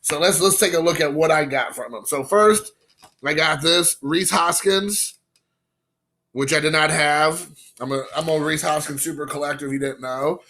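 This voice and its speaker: A man hosting his own card-collecting vlog, telling a rambling, excited story full of quoted asides. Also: fairly high pitch, moderate pace. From Indiana, USA. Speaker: card-collecting channel host. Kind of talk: casual vlog chat.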